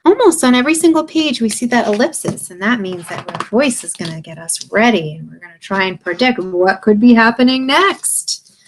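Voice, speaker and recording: Animated woman teacher reading aloud. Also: mid-range voice, a little fast, hardly any pauses, slight background noise. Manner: animated, expressive, explains to kids. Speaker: kindergarten teacher. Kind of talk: reading a picture book aloud to children.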